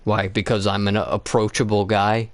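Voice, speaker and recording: A man co-hosting a casual gaming chat, telling stories in a profane, animated way. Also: lowish voice, moderate pace, no echo. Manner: profane, animated storytelling with voiced quotes. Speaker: co-host gaming with his brother.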